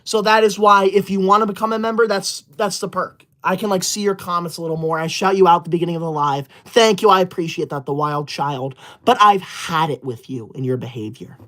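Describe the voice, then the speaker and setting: A woman's voice: lowish voice, brisk, hardly any pauses, fairly bright tone. A woman livestreamer chatting with viewers, scolding them in a mock-indignant, theatrical huff.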